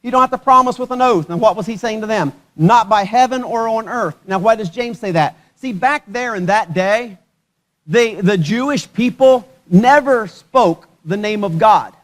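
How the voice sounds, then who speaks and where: High-voiced man preaching with humor. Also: normal speed, fairly bright tone. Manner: conversational, joking, questions the congregation. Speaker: pastor. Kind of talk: sermon. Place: church service.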